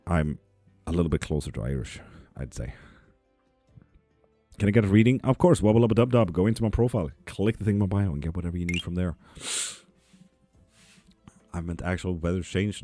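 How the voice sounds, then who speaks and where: Deep-voiced, profane male tarot streamer. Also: normal speed, pauses often, dark tone, no echo, soft background music. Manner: profane, sarcastic, laughs often. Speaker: live tarot reader and stream host. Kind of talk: casual live-stream chat, reading comments aloud. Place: apartment.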